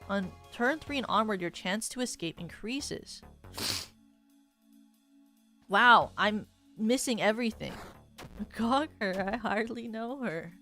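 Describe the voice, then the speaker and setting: A woman's voice: medium pitch, lively intonation, takes it slowly, pauses often, sharp tone, soft background music. A young adult woman streaming a video game, casually chatting, reading in-game text aloud, swearing and laughing when surprised. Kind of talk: casual gameplay commentary.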